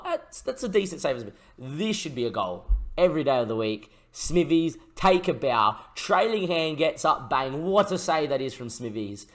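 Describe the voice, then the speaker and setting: Excitable gaming commentator, man. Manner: swings from low muttering to excited shouting. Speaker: gaming YouTuber and streamer. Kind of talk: let's-play commentary over a football management game.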